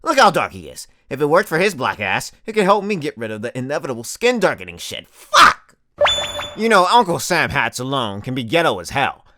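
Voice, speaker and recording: A man's voice: medium pitch, sing-song, brisk, hardly any pauses, noisy background. A young man delivering a profane comedic rant as the host of a comedy video, swearing constantly and exaggerating for laughs.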